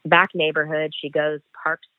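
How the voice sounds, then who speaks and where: A bail enforcement agent tells a chase story in an interview, animated and acting out the dialogue with "I'm like." His voice is on the high side at a moderate pace, coming through a tinny, dry phone line with no room sound.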